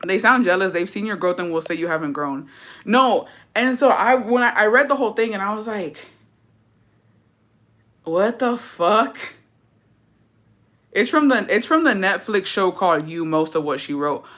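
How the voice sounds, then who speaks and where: A woman's voice: medium pitch, expressive, brisk, a bit bright. A woman in her twenties telling a story in casual vlog chat, swearing freely and slipping in Spanish phrases. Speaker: vlogger.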